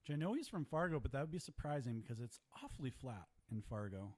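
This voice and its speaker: A man's voice: mid-range voice, sing-song, quick pace, darkish tone. A man giving live play-by-play commentary at a ninja competition, chatty and joking with his co-host.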